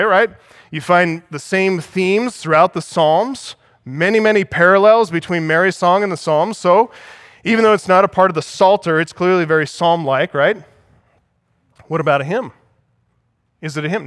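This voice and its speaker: A man's voice: high-pitched, a bit bright, dry recording, clean studio sound. A man preaching a sermon as pastor, teaching and asking the congregation for agreement.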